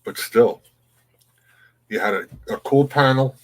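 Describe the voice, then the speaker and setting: A man's voice: medium pitch, sing-song, slow, long pauses, rough recording. A man hosting a morning livestream, chatting casually and greeting viewers by name. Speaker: livestream host. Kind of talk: casual chat reading viewer comments.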